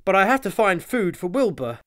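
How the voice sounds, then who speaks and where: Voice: medium pitch, sing-song, fairly quick, fairly bright tone, voice pushed up. A narrator doing an earnest little boy. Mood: pleading.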